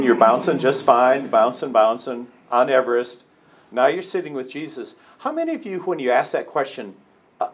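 A man leading a prayer workshop with a group, talking conversationally, with restarts and slow emphasis. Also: medium pitch, a little hiss or hum. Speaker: workshop leader. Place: meeting room with a group.

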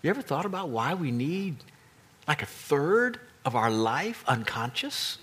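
A man preaching a sermon as pastor, animated and emphatic, with playful asides to his congregation. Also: fairly high pitch, unhurried, slight background noise.

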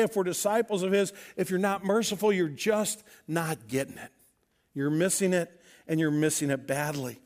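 A pastor from Missouri, USA, preaches a sermon in a fairly high, slightly mellow voice. He drives his points home emphatically and tells stories by acting out the dialogue of the people in them.

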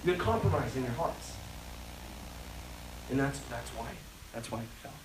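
Animated young male preacher. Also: medium pitch, normal speed, slight background noise, low-quality recording. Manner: animated, acts out prayers and voices with laughs. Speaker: youth pastor. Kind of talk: sermon.

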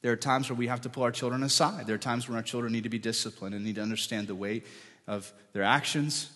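A man preaching a sermon as pastor, dropping to soft, whispered lines when he speaks for God. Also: medium pitch, fairly even intonation, fast, in a large hall.

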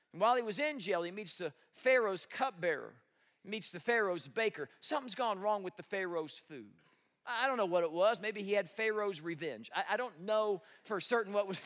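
A man's voice: high-pitched, a bit bright. A man preaching a sermon, retelling a story with rhetorical questions and folksy joking asides. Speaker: pastor.

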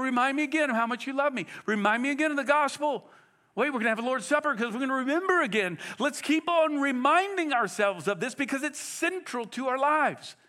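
A man preaching a Sunday sermon in a high, bright voice. His pitch swings widely as he presses the congregation with direct, emphatic questions. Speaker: pastor.

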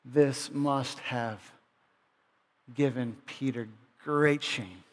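A man's voice: mid-range voice, steady tone, extremely slow. A man preaching a sermon as pastor, explaining a passage conversationally, with frequent restarts. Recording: long reverb of a large hall.

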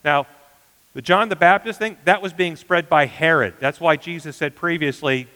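Earnest pastor preaching in a reverberant hall. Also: male voice, a little high, a little slow. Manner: earnest preaching, dropping to hushed emphasis. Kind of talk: sermon.

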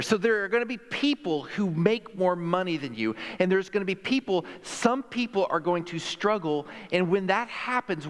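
A male pastor preaches with a slightly higher voice than most men, talking to his congregation in a loose, conversational way and leaning hard on his key points. A long reverb trails each phrase through the sanctuary. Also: fairly bright tone. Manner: emphatic, conversational, with acted-out quotes. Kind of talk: sermon. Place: church sanctuary.

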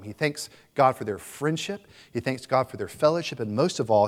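Animated young male preacher. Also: medium pitch, long reverb tail. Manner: animated preaching, voices scripture passages with rising intensity; conversational asides with fillers. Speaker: pastor. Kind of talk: sermon.

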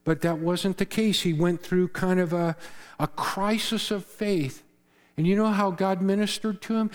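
A man preaching a sermon as pastor, earnest, rising to loud emphasis and dropping to hushed tones. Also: a little high, long reverb tail. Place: church sanctuary.

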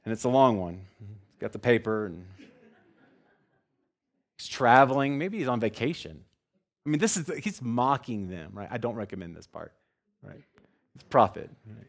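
A man preaching a sermon, reading scripture and explaining it in a jokey, animated way, sometimes acting out scenes with loud shouts. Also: on the low side, normal speed, long pauses. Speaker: pastor.

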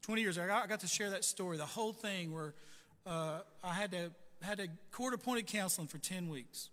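A man's voice: sits high, brisk, a bit bright. A middle-aged man preaching a sermon with a personal testimony, telling his story earnestly and checking in with "right?" and "okay?". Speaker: pastor. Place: church sanctuary. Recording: long church reverb, faint music.

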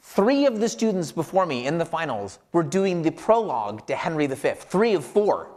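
A man's voice: fairly high pitch, big pitch swings, moderate pace, a little mellow. Man telling a story, full of "like"s. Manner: rambling and self-deprecating, many "like" fillers. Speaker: podcast co-host reflecting on scripture. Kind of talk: personal storytelling in casual chat.

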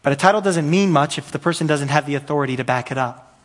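A man's voice: on the high side, fast. Earnest male pastor preaching. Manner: earnest, repetitive, builds in intensity at peaks. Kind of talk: sermon.

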